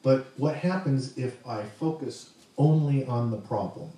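A man's voice: medium pitch, measured pace, mellow, very echoey, recorded from a distance, poor audio. A man preaching a sermon in a conversational way, asking the congregation questions as he goes. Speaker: pastor.

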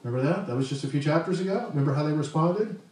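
A man's voice: a little high, animated, racing, a little mellow, distant mic. Preacher man in an echoey hall. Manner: conversational, asks the congregation questions. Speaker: pastor. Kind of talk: sermon.

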